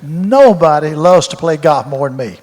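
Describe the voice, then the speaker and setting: This man, a retired football coach in his 80s, answers Q&A questions with long, folksy, wandering stories, often repeating himself. His voice is slightly high and expressive with a darkish tone, delivered at a moderate pace, and the room echoes like a large hall.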